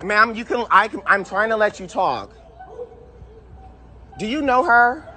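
A man's voice: sits high, lively intonation, measured pace, bright, forceful tone. A man filming on a phone, insistently questioning a woman who offended him. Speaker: confronting driver filming.

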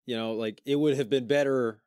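A man's voice: mid-range voice, fairly even intonation, a little fast, a little mellow, clean tone, dry recording, clean studio sound. Joking man on a podcast. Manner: joking, paraphrases in modern slang. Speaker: book club podcast co-host. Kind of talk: casual conversation.

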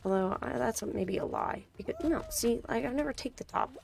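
A woman's voice: on the high side, creaky, a little mellow. A woman streaming a game, muttering to herself in casual chatter and breaking into sudden frustrated outbursts.

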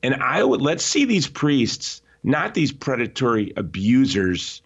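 A man being interviewed, telling stories in an animated, emphatic way with frequent restarts. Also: medium pitch, unhurried, breathy edge, highs cut off. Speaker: interview guest. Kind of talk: conversational podcast interview.

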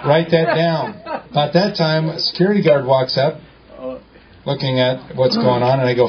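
A man's voice: a little high, normal speed, lo-fi sound, a little hiss or hum. A man telling a story to a live group in a joking, colloquial way, acting out the dialogue. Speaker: speaker at a meeting.

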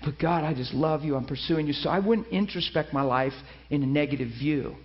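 A man's voice: on the high side, brisk. Dull-sounding man preaching a testimony. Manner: storytelling, animated quoting with many restarts. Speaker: pastor. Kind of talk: sermon testimony. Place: church.

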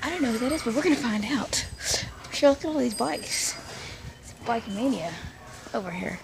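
Woman vlogger, rambling and jokey; heavy vocal fry, loud store noise behind. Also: on the high side, animated, moderate pace. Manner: chatty, rambling, jokey asides. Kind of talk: casual store walkthrough vlog. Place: big retail store, indoors. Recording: noisy store background.

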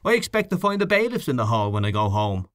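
A man's voice: medium pitch, sing-song, quick pace, fairly bright tone, dry recording, studio quality. A man doing a scornful, gossiping canvasser. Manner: scornful, complaining. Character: grumbling gossipy male election canvasser.

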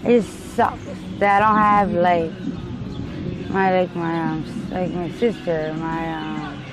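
A woman talking in a rambling, restless way in a street interview, her voice swinging between loud and quiet. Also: on the low side, fairly even intonation, slow. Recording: noisy outdoor street recording.

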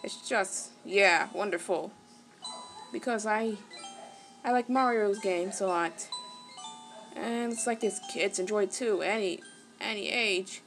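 A woman giving casual let's-play commentary, excitable, gasping and exclaiming at the game. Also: mid-range voice, slow pace, pauses often, over music. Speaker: gaming channel host.

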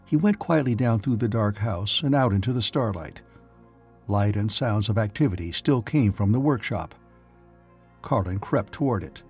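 A man's voice: fairly low pitch, lively intonation, normal speed, a little mellow, breathy edge. A man narrating a science fiction audiobook with dramatic storytelling. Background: faint music.

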